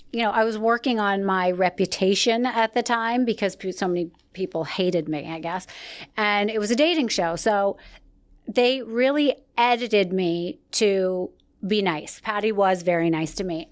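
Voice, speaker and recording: A woman hosting a podcast tells a story in casual conversation, animated and acting out what people said. Her voice is medium-pitched and her pace moderate.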